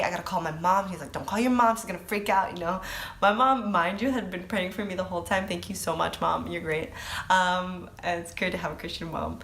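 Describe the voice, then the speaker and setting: A woman's voice: fairly low pitch, a bit bright, a little hiss or hum. A young woman giving an earnest, rambling personal testimony, full of fillers and restarts, sometimes dropping to a near whisper. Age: young adult. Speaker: testimony speaker.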